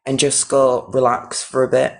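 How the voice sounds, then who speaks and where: A man's voice: mid-range voice, completely flat delivery, moderate pace. A man hosting a live stream, indignant and emphatic, restarting his sentences.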